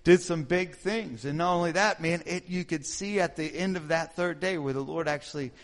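Animated man preaching a heartfelt testimony. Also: a little high, moderate pace. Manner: animated, acts out his own prayers and reactions, asks the audience questions. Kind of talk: informal sermon testimony.

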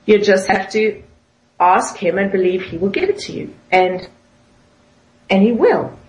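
A woman's voice: mid-range voice, measured pace, a little mellow, slight background noise. A woman with a South African accent, sharing thoughts in a Bible study group and reading verses aloud. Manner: thoughtful, reads scripture aloud. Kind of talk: casual Bible study discussion. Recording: echoey room.

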